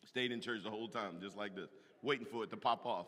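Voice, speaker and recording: A man preaching a sermon, animated and emphatic, with loud bursts and call-and-response to the congregation. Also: fairly low pitch, fast talker. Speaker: pastor. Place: large church hall. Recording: echoey hall from a distance.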